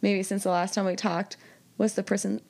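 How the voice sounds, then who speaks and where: A woman's voice: medium pitch, flat delivery, moderate pace, creaky, darkish tone. A woman co-hosting a book podcast in casual chat, wry and dry with emphatic bursts. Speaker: podcast co-host.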